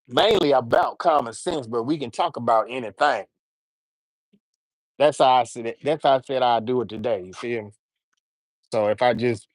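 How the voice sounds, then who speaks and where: This man runs a casual livestream, wandering between topics, repeating and tripping over words, and talking straight to his chat. His pitch is medium, there's no room sound, and the space feels dry and close.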